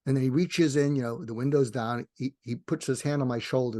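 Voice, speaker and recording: This older man talks fast and animatedly, his voice a little mellow, in a dry, clean studio recording. He's a psychiatrist being interviewed on a podcast, and his story rambles with many restarts as he performs the dialogue, his pitch rising.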